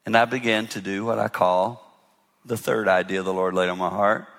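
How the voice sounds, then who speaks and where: A man speaks earnestly to a live audience, preaching in a plain, conversational way. His voice is bright and forceful, and a long hall reverb trails each phrase. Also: fairly low pitch, steady tone, normal speed, creaky. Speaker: guest speaker on marriage. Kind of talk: sermon-style talk to a live audience.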